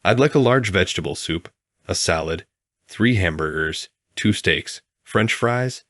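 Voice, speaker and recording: A man's voice: low-pitched, lively intonation, measured pace, a bit bright, no room sound, studio quality, full character voice. A man voicing a giant, starving male bug who orders food politely in a storybook reading.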